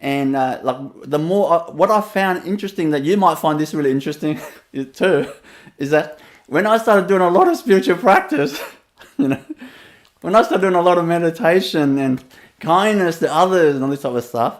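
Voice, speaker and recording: A man's voice: on the high side, lively intonation, moderate pace. A man with a Vietnamese accent gives a rambling, storytelling webinar talk as a spiritual teacher, laughing often and leaning on fillers.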